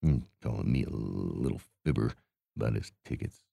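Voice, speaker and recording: A man putting on a hapless carnival cotton candy vendor with an extremely deep, gravelly voice, mumbling and stammering through his shift between weary groans. The tone is dark and muffled, and the voice sits close and dry with no room sound at all. It plays as a mumbled, improvised character monologue. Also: normal speed, no echo, heavily acted. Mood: grumbling.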